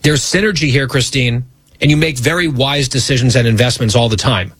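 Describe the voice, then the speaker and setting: Guy hosting a radio show, husky voice, dry studio sound, teasing banter. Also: mid-range voice, a little fast, fairly bright tone, no echo. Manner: teasing, wry.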